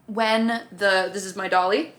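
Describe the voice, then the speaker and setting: A woman's voice: mid-range voice, fairly even intonation, unhurried, a bit bright. Chatty, profane woman vlogger. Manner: profane, chatty, acts out characters' lines. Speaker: TV show reviewer. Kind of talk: casual on-camera vlog.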